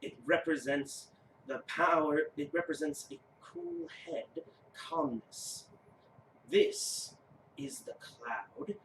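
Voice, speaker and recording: Man putting on a grave, slow old giant. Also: a little high, huge pitch swings, vocal fry, fairly bright tone, reverberant, distant mic, a little hiss or hum, exaggerated voice, poor audio. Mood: solemn. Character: solemn old male giant rune-carver.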